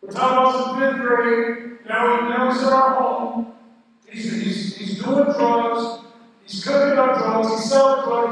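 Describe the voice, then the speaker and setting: Motivational speaker, man from Inglewood, California, earnest storytelling with restarts. Fairly high, steady pitch. Distant mic in a long-reverb hall. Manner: earnest storytelling with frequent restarts and repeated words. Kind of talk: personal story told to a school assembly. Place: large school hall. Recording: echoey hall from far off.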